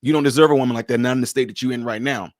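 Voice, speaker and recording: A man talks through relationship advice in a loose, conversational way. His voice sits at a middle pitch and sounds dry and close to the mic. He slips into quick acted-out snatches of dialogue while telling his stories. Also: dry recording. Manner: animated storyteller, acts out dialogue in other voices. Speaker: podcast panelist giving relationship advice. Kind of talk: casual advice talk.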